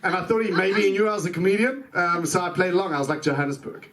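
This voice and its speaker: A man's voice: high voice, fast. A South African man doing a chatty stand-up set, telling a story and acting out the people in it. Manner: chatty storytelling, puts on voices for people he quotes. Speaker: stand-up comedian. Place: comedy club stage with a laughing audience. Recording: live club recording with loud crowd laughter.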